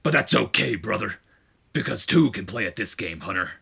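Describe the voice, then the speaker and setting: A man putting on a boastful wrestling legend delivering a loud promo, as a jokey impression. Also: on the low side, lively intonation, normal speed, gravelly, slightly rough, full character voice. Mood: hyped promo.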